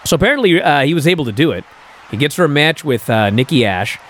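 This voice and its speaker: A man's voice: on the high side, fast talker. A male podcast host giving a casual, incredulous recap, filled with "uh" and "and so". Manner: animated, incredulous storytelling with many fillers.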